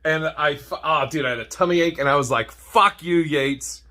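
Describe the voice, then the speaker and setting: A man's voice: fairly high pitch, fast, bright, forceful tone. A man telling comedic stories to camera, swearing freely and laughing at his own jokes.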